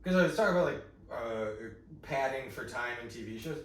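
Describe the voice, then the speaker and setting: A young man, a comedian and podcast co-host, chatting casually in a rambling way with many halting restarts. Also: medium pitch, lively intonation. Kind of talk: casual chat. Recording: roomy, distant mic, faint noise.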